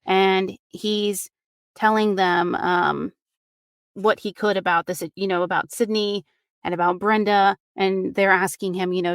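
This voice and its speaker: A woman telling a true crime story in a relaxed, chatty way, leaning on fillers as she goes. Her voice is smooth and crisp, at a middle pitch. It sits close and dry on the mic, with no room sound. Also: a little slow, no room sound. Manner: chatty, many fillers like "you know" and "like". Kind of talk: casual storytelling recounting a case.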